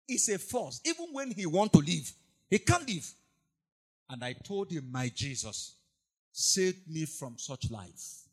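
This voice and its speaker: Animated preacher, wide pitch swings. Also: male voice. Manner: animated storytelling, acts out quoted voices, swings from hushed to shouted. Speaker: pastor. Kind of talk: sermon.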